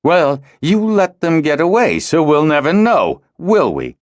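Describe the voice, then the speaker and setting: A man's voice: medium pitch, sing-song, normal speed, no echo, studio quality, voice pushed up, natural voice. A man reading an audiobook, voicing a harsh, domineering male weir leader who barks scathing orders. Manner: venomous, scathing commands, shouting. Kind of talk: audiobook character voice.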